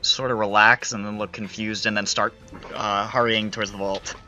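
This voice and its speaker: A man's voice: fairly low pitch, level tone, moderate pace, sharp tone. A man running a tabletop game as game master, narrating in a loose, casual way. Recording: muffled audio with faint music.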